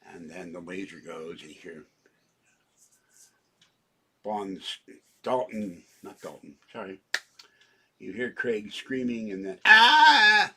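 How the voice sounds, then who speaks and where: A man in his seventies with a low, gravelly voice rambles through a chatty home vlog monologue in his kitchen, drifting from topic to topic. He's slow and animated, pausing often and flaring up when indignant. A little hiss or hum sits under the audio.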